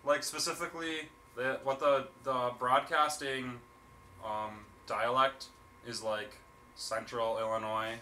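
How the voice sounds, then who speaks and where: A man's voice: mid-range voice, flat delivery, slow, bright, forceful tone, a little hiss or hum. A young man, joking and laughing often in a casual podcast chat. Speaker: podcast co-host.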